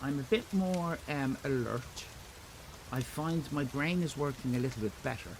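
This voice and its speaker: A man's voice: mid-range voice, moderate pace, noisy background. A middle-aged Irish man streaming live, rambling and self-mocking in casual chat with his viewers. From Ireland.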